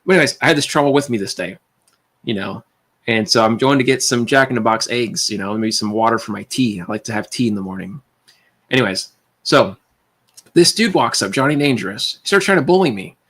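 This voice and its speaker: A man on a livestream casually telling a personal story, rambling and animated, with restarts and tangents. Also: medium pitch, brisk.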